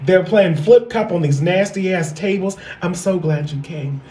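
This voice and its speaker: A sassy, foul-mouthed man in his thirties tells a stand-up story, circling back to repeat his best lines. His voice sits notably high. The sound rings around an echoey room. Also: moderate pace, dark tone. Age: 30s. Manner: sassy, profane, repeats punchlines. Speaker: stand-up comedian.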